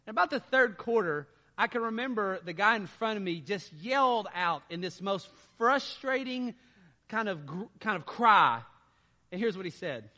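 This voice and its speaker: A man preaching a sermon as a pastor, conversational and animated, laughing now and then. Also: sits high, moderate pace. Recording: long hall reverb.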